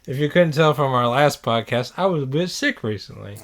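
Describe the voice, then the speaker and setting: A young man hosting a casual podcast, talking in a relaxed way and laughing easily. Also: medium pitch, brisk. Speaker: podcast host. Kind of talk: casual chat.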